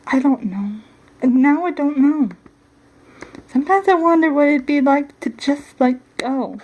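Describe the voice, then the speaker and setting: A fed-up young pop star in a homemade doll storybook, as a woman reads her part. She talks emphatically with an exasperated edge. The voice sits high and light. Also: unhurried, darkish tone, low-quality recording. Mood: wistful. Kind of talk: storybook doll play reading.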